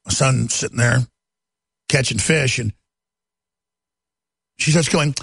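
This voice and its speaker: Ranting gravelly-voiced male host. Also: medium pitch, takes it slowly, long pauses, fairly bright tone, dry recording. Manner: ranting, stammering repeats, contemptuous. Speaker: talk show host. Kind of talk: heated political monologue.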